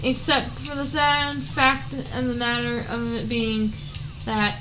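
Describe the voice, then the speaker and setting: A woman gaming on camera, swearing and venting frustration at the game as she plays, often breaking into shouts. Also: fairly high pitch, fairly even intonation, slow pace, echoey room, background noise. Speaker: gaming YouTuber. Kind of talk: casual let's play commentary.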